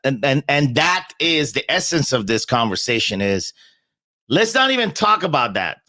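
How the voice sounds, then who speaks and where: A man's voice: medium pitch, big pitch swings, normal speed, bright, forceful tone, dry recording. A man in a casual podcast conversation, talking bluntly and emphatically, often repeating words as he starts a point and swearing freely.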